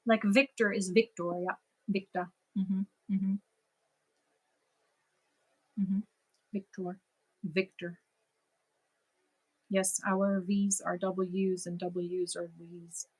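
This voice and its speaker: A woman's voice: medium pitch, little pitch movement, drawn-out words, pauses often, husky. A woman with a German accent, a native German speaker, chatting casually with viewers as host of a crochet livestream, answering comments and laughing at herself.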